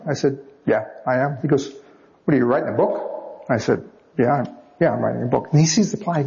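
A man, a novelist being interviewed, telling anecdotes in a lively way and acting out the voices of the people in them. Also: mid-range voice, fast talker, vocal fry, lo-fi sound. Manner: lively storyteller acting out quotes. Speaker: novelist guest.

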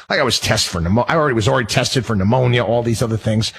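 A man's voice: medium pitch, quick pace, hardly any pauses, a bit bright. A man hosting a talk show, speaking in an indignant, rambling monologue full of restarts and repeated words. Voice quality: husky. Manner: indignant and worked up. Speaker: radio talk show host. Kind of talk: casual monologue.

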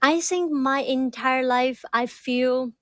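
A woman with a fairly high voice speaks very slowly in a dry, close recording. She stutters and repeats words as she tells her story with quiet seriousness. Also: dry recording. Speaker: doctoral student guest. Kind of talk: personal interview talk.

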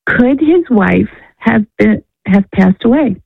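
Lady calling in from illinois, kinda gravelly, phone line sound, lots of you knows. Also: fairly high pitch, lively intonation, slow pace, dry recording. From Illinois, USA. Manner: rambling, many fillers, tangled restarts. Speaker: caller. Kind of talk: phone-in conversation.

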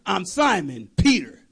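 An eager, boastful disciple who swears loyalty and then denies everything in a rush, as a man puts him on. He stammers and protests in a high, gravelly voice that swings widely. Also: wildly swooping pitch, slow, fairly bright tone, exaggerated voice. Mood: denying.

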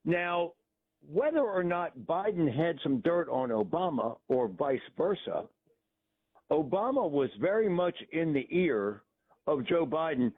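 A man's voice: a little high, sing-song, unhurried. A man calling in to a talk radio show, rambling through his opinions with hesitant restarts. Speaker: caller. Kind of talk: phone-in call. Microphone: telephone. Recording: tinny phone line.

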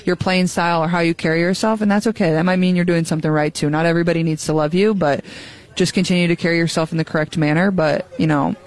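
A professional athlete speaking casually and reflectively in an interview clip. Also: female voice, on the low side, fairly even intonation, fast talker, a little mellow.

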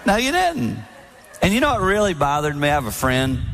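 A man in his sixties giving a sermon-style talk on marriage, animated and storytelling, acting out other people's lines. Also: fairly high pitch, fairly quick, gravelly, a little hiss or hum. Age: 60s. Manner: animated storytelling with mimicked voices. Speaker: speaker at a marriage event. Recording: long hall reverb.

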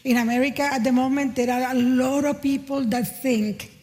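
A veteran woman stand-up comedian speaks earnestly on a panel, stopping and restarting as she searches for words. Her voice sits slightly high and echoes through a large hall. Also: steady tone, moderate pace, a little mellow. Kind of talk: panel discussion.

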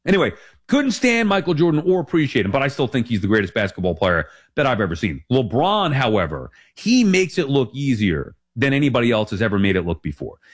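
A man's voice: mid-range voice, big pitch swings, a little fast. A man in his forties hosting a sports talk show, rambling and emphatic as he corrects himself. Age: 40s.

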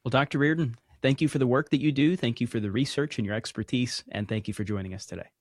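A man's voice: mid-range voice, fast talker, no room sound, studio quality. A man hosting an interview, talking fluently and asking long questions. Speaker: host.

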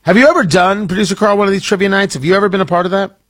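A male radio host talking on air in a loose, rambling way, full of restarts and jokey tangents. His voice is a little husky and sits on the high side for a man, recorded dry and close in a studio. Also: steady tone, racing, fairly bright tone, no room sound. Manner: rambling, self-interrupting, jokey. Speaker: radio talk show host. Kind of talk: casual on-air chat and promo. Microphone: studio microphone.

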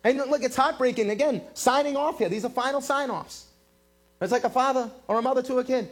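A male pastor preaching a sermon, telling a story with lively acted-out quotes. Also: very high-pitched, quick pace. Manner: animated storytelling, acting out quotes. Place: church in Massachusetts.

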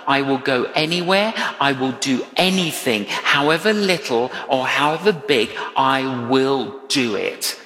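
Animated male preacher in a reverberant hall. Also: mid-range voice. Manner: animated storytelling with acted-out quotes. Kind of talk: sermon.

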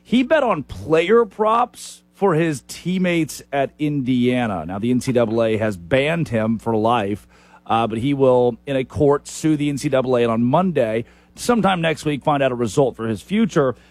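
A man's voice: medium pitch, lively intonation, normal speed, no echo. An easygoing male radio host with a mid-range voice and a dry, close studio sound. He sets up topics in a loose, conversational way and jokes around with his guest. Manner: casual, joking, laughs often. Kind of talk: sports talk radio hosting.

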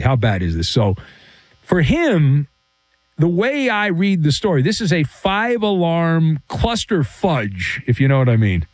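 A man's voice: on the high side, no room sound. A man giving a theatrical, jokey sports commentary monologue, full of colorful metaphors and mock sound effects.

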